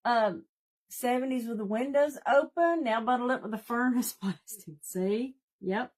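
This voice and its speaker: A folksy woman with a Southern US accent, talking her viewers through a craft project in a relaxed, casual way. Her voice sits a bit high, and she chats warmly with viewers by name as she paints and sands. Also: unhurried. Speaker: craft tutorial host. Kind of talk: casual live craft demonstration. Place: home craft room.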